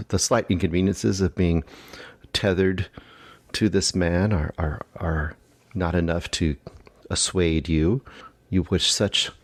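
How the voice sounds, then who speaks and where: A man with a very deep voice muses aloud in a solo podcast segment, drifting into an improvised story. He talks in a wry, hesitant, rambling way. The sound is dry and close. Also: dry recording. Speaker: podcast contributor. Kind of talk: musing monologue, rambling storytelling.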